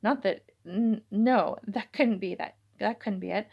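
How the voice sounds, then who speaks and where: A woman reading her own romance novel aloud, halting, with frequent restarts and self-corrections. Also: medium pitch, creaky, darkish tone, slightly rough, highs cut off.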